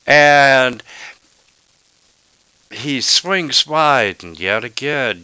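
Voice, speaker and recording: A man running a tabletop game who talks very slowly and in a measured way. His voice is bright and very clear, recorded dry and close. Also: medium pitch, no room sound. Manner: slow, halting narration of combat rolls. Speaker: game master.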